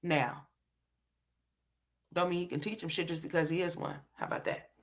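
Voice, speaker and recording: A woman's voice: lowish voice, steady tone, normal speed. A woman giving livestream commentary, ranting bluntly with lots of profanity.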